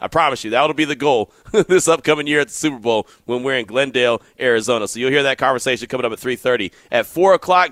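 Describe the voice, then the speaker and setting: A man hosting a sports radio show, telling stories in an animated way and acting out the quotes. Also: on the high side, dry recording. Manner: animated storyteller, acts out quotes. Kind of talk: casual sports radio talk.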